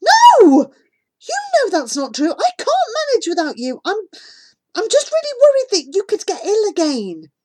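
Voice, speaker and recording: A woman's voice: a little high, moderate pace, a little mellow, voice pushed up, lightly acted. A woman reading the part of a worried, caring young girl who pleads with her friend, in an audiobook. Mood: pleading. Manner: pleading, anxious.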